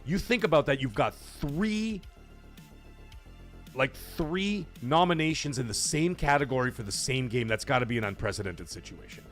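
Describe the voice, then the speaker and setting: A man hosts a casual live stream from his home, rambling freely and reacting to viewer comments. His pitch rises and falls in a lively way as he talks. Faint music plays softly behind him. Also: moderate pace. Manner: rambling, chatty, reads out chat comments. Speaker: livestream podcast host.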